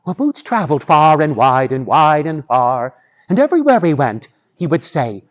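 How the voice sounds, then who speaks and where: A male storyteller telling a folktale live to schoolchildren, animated and drawing the audience in. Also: a little high, normal speed, highs cut off.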